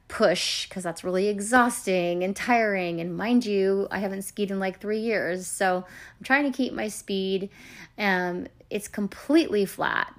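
A woman in her thirties hosting a podcast, telling stories in a chatty, self-deprecating way with lots of fillers. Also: medium pitch. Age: 30s. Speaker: podcast host and coach. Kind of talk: casual chat.

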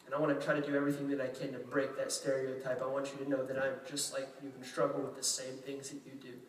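A man's voice: mid-range voice, monotone, quick pace, a little hiss or hum. A male pastor from Louisiana preaching in a chatty, self-deprecating way, acting out quotes. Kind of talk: sermon. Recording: echoey room, mic at a distance.

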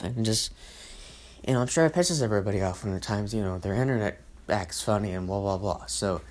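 A podcast host talking alone in a rambling, repetitive way, full of swearing and restarted sentences. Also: medium pitch. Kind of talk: casual solo rant and storytelling.

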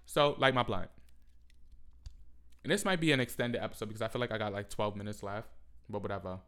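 Smooth-voiced man ranting on a podcast. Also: on the low side, quick pace. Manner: loud, animated and swearing, with mocking asides. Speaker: podcast host. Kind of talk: casual solo podcast rant.

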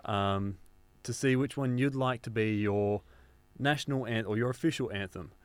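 A man hosting a comedy radio segment in a mock-earnest, soothing tone. His voice is smooth and clear, mid-pitched, recorded dry and close. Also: moderate pace, no room sound. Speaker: radio host.

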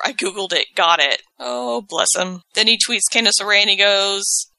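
A woman's voice: mid-range voice, moderate pace, gravelly, hardly any pauses, pushed and bright, no room sound, poor audio. A woman co-hosting a podcast, casually reading social media posts aloud with playful asides. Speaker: podcast co-host.

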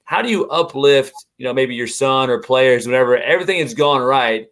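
Relaxed man co-hosting a podcast. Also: mid-range voice, a little fast. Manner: relaxed, builds his questions on the last answer. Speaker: podcast co-host. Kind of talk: casual podcast interview.

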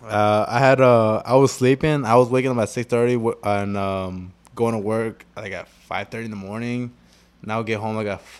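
A man's voice: on the low side, smooth. Laid-back young man telling stories. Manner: loose, profanity-heavy, rambling storytelling with restarts. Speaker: podcast co-host. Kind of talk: casual storytelling chat.

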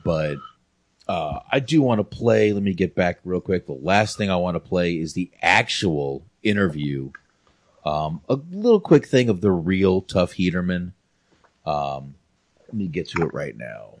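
A man's voice: low voice, very animated, a little slow, no room sound. A man from North Carolina hosting a casual movie review chat, rambling with frequent restarts and fillers. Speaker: podcast host.

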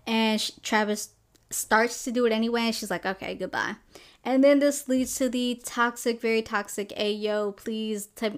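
A young woman hosting a podcast, casually recapping and reviewing a novel with sassy asides and quick acted-out quotes. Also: medium pitch. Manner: chatty, sassy asides, acts out characters' lines. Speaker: podcast host. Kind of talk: casual book review chat.

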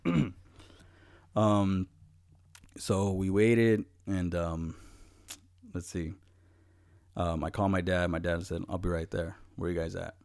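A man's voice: sits low, steady tone, slow pace, gravelly, pauses often, darkish tone, dry recording, studio quality. A young man in casual chat, telling a story with heavy swearing and acted-out quotes.

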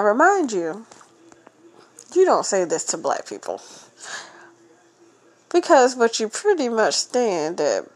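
A woman's voice: medium pitch, darkish tone. A young woman from Florida, hosting a podcast and ranting bluntly, rambling and swearing while she has a cold. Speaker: podcast host. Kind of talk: casual ranting monologue.

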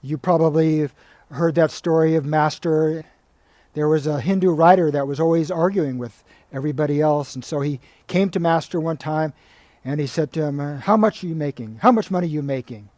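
A monk giving a spiritual talk, with a fairly high yet mellow, warm voice. He tells stories calmly and at an even, measured pace. The sound is dry and close. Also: no room sound. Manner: calm, measured storytelling with reading aloud of quoted passages.

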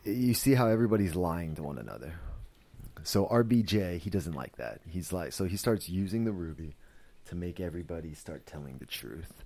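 A man's voice: low-pitched, expressive, a little fast, warm tone. A man hosting a podcast, recapping a series in a loose, rambling way, full of "like" and "you know" and frequent swearing. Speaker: podcast host reviewing a series. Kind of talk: casual spoken recap.

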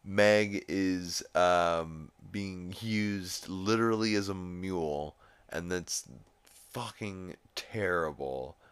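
A man's voice: sits low, slow, slight background noise. A man hosting a podcast, recapping a cartoon episode in a rambling, casual way with frequent swearing. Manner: rambling, swears often, quotes characters. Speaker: podcast host.

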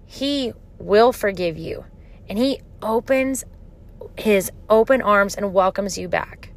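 A woman shares a heartfelt devotional teaching on her podcast. She speaks slowly and earnestly, in a fairly high voice. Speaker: podcast host giving a devotional talk.

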